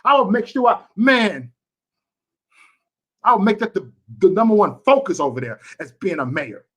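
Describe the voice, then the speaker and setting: Man, fired-up livestream rant, higher-pitched voice, hammers points over and over. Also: expressive, moderate pace, husky. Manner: impassioned, repetitive, emphatic. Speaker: YouTube livestreamer. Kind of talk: ranting livestream to chat.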